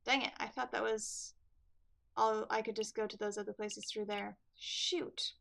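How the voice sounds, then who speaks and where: A woman's voice: medium pitch, flat delivery, moderate pace, vocal fry, slight background noise. A woman giving casual, chatty and self-deprecating commentary as she plays a video game. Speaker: let's play gamer.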